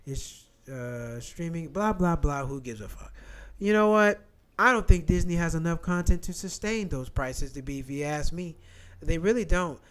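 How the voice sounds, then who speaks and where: A high-pitched man rants his way through the news. His delivery is animated and profane, and he keeps circling back to repeat his points. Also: normal speed, smooth. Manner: animated, profane, repetitive rant. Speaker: commentary channel host. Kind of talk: ranting commentary, reading headlines.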